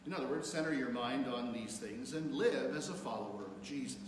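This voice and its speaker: Here a man preaches as pastor in a church sanctuary, reading scripture with mounting emphasis at a slightly fast clip. His voice sits in the mid range, and the echoey hall adds faint room noise.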